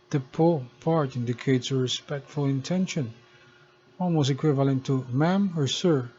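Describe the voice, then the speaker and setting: A man narrating a scripted language lesson, explaining slowly and deliberately. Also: medium pitch, warm tone, muffled recording. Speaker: language teacher.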